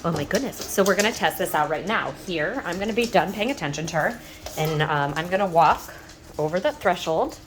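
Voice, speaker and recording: A woman in her thirties, chatting casually at home as she walks between rooms and shows how she trains her dogs, with loose fillers and restarts and sweet high baby talk for the dogs. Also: lively intonation, a little fast, background noise. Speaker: dog trainer. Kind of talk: casual instructional vlog.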